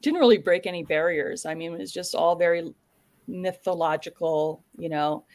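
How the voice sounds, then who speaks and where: Low-voiced woman, chatty and quick. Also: darkish tone. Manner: chatty, heavy "you know" and "like" fillers, quick bursts. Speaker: guest author. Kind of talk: casual panel discussion.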